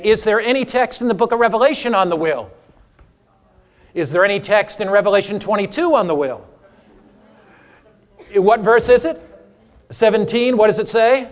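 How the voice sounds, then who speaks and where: A man teaching an interactive sermon to a church audience, humorous and animated, quizzing listeners for Bible verses. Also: high voice, in a large hall. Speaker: preacher teaching a seminar. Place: church or hall before a live audience.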